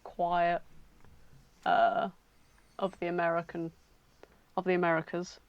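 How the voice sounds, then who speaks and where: A woman co-hosting a podcast, casually retelling a fan fiction in an animated, giggly way and acting out the voices. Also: fairly low pitch, takes it slowly, dry recording. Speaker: podcast co-host. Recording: dull lo-fi home recording.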